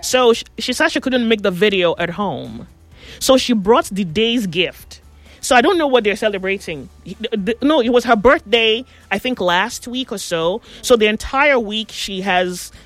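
Woman co-host, gossipy storyteller, lively delivery, dry close sound. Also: mid-range voice, no room sound. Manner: animated gossipy storyteller, acts out quotes. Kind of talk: casual chat, storytelling.

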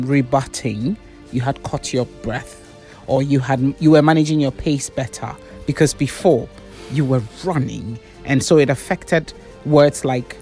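A woman's voice: very deep voice, darkish tone. A woman, a diction and public speaking coach giving corrective feedback on debaters' pronunciation.

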